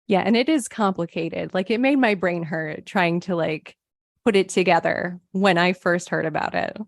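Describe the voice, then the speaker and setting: A woman's voice: lowish voice, normal speed, vocal fry, no room sound, studio quality. A woman co-hosting a true crime podcast, narrating case details from a script and quoting her sources. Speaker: podcast co-host.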